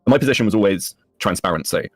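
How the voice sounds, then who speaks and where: A man in casual chat, talking candidly and quickly with the odd curse. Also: fairly low pitch, lively intonation, no room sound, clean studio sound, faint music behind. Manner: rapid, candid, profane.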